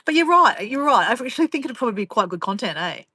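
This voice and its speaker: A woman's voice: a little high, sing-song, fast, pushed and bright, husky, dry recording. An Australian woman vlogging in casual chat, rambling and teasing as she reads viewer comments, laughing often.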